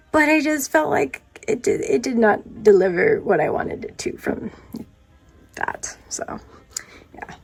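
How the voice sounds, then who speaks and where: A woman manga vlogger in casual, rambling chat, self-deprecating and often trailing off into quieter asides. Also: lowish voice, gravelly, no room sound.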